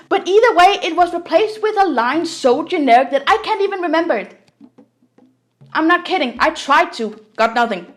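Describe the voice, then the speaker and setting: A young woman giving an opinionated, sarcastic movie review for her video channel. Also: a little high. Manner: sarcastic, exasperated critique. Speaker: video commentator. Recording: faint music behind voice.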